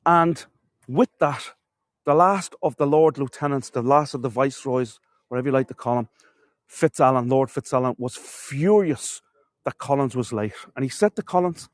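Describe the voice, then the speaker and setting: A man's voice: on the high side, normal speed, dry recording. An Irish man guiding a live walking tour, telling history in a chatty storyteller way and calling his viewers folks. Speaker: tour guide. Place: castle courtyard outdoors.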